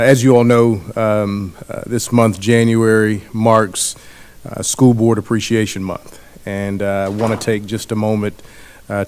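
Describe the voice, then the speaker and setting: Superintendent guy thanking the board, low flat smooth voice, lots of uhs. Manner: halting, many filler words, earnest. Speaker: school superintendent. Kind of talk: formal address at a meeting.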